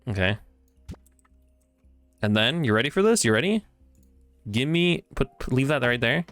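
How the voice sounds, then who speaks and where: A man streaming a video game, chatting casually, reacting excitably with swearing, laughter and mock-grand musings. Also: medium pitch, moderate pace, pauses often, no echo, soft background music. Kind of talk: casual gameplay commentary.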